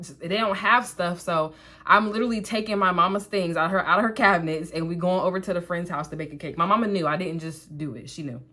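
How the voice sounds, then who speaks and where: A woman's voice: fairly low pitch, quick pace. A young woman vlogger telling a personal story in a casual, chatty way while doing her makeup. She talks straight to her viewers and fills her sentences with asides and "like.". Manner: chatty, animated storytelling that addresses the viewers directly; frequent "like" fillers and asides.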